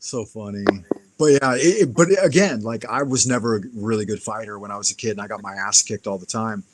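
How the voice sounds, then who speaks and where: Against a noisy background, a man with a fairly low voice talks fast as he hosts a live stream. His casual, profane fight story comes alive as he acts out each person's quotes.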